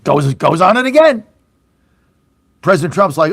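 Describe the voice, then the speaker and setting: Fired-up, high-pitched angry talk host. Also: male voice, very animated, slow pace, pauses often, no room sound, studio quality. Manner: angry, sarcastic, mocking voices of opponents; blunt, swears, repeats for emphasis. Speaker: radio talk show host. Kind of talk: fiery political talk radio rant.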